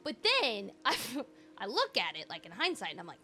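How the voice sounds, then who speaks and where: A woman streamer chatting casually to her live audience, rambling and animated, laughing often. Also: medium pitch, brisk.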